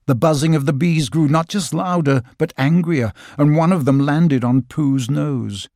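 A man narrating a children's storybook audiobook in a gentle, measured way. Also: mid-range voice, gravelly, dry recording, clean studio sound. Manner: gentle, measured storytelling with lively vocal shifts.

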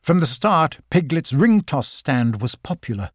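A man narrating a children's storybook with a lively, expressive reading. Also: a little high, measured pace, dry recording, clean studio sound.

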